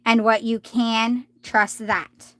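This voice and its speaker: A woman doing a live tarot reading, talking gently and reassuringly, often restarting her sentences. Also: on the high side, level tone, takes it slowly, no echo. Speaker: tarot reader.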